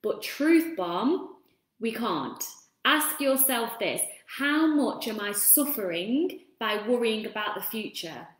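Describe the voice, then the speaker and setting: A woman's voice: on the high side, expressive, takes it slowly. A woman hosting a casual self-help talk, chatting freely and breaking off to greet viewers. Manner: chatty, warm asides to viewers. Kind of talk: casual live-stream talk. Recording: roomy echo.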